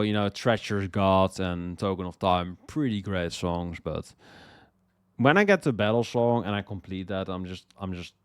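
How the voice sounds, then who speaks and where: A young man casually talking through his favorite songs, rambling, repeating words and swearing as he gets excited. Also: low voice, clear, resonant tone, no echo, clean studio sound. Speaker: music list host. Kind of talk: casual music commentary.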